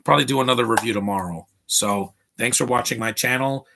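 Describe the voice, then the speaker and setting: A man's voice: mid-range voice, fast, gravelly, background noise. A man hosting a live movie commentary stream, blunt and opinionated, rambling with restarts.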